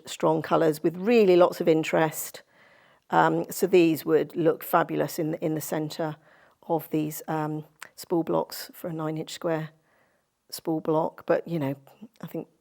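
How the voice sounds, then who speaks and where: A woman's voice: fairly low pitch, vocal fry, a little mellow. A woman presenting a quilting tutorial in a sewing studio, chatty and effusive as she gushes over fabrics. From Cornwall, England. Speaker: sewing instructor.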